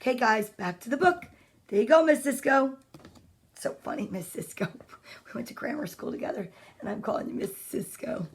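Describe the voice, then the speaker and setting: A woman's voice: fairly high pitch, animated, brisk, breathy edge. A woman reading children's storybooks live from home, playful and chatty, greeting her viewers by name between pages. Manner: playful, exclaims over the pictures.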